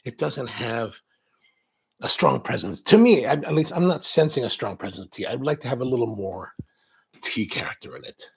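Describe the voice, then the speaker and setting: A man's voice: mid-range voice, animated, moderate pace, gravelly, fairly bright tone, husky. A man hosting a coffee show, chatting casually in a rambling way, drifting off on tangents and restarting his sentences. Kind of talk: casual chat.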